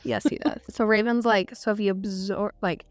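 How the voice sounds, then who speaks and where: Medium in pitch, with fairly even intonation and normal speed, this woman co-hosts a podcast and casually recaps a novel's scenes. She fills her talk with "like" and quotes the characters in a laid-back book discussion.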